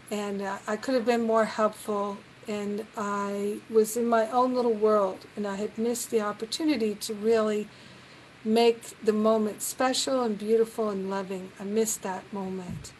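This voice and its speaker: A woman leading a reflective spiritual talk on a live group call, gentle and earnest, now and then acting out the voices she quotes. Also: mid-range voice, slight background noise, low-quality recording.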